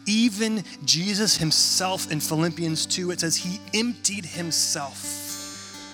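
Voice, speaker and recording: A man in his thirties preaching a sermon in a conversational, animated storytelling manner. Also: high voice, takes it slowly, over music. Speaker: pastor.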